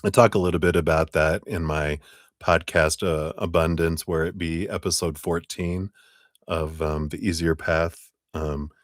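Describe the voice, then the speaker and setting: A man with a very low voice gives a tarot reading on a live stream. He is relaxed and chatty and talks in spiritual terms. His voice is close and dry, with no room sound. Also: measured pace, dry recording. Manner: relaxed, chatty, thanks donors, spiritual wording. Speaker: tarot reader. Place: home.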